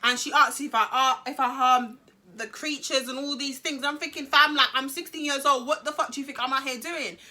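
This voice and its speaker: Bright-voiced woman vlogger. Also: sits high, fairly quick. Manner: animated, slangy, emphatic. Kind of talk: storytime vlog.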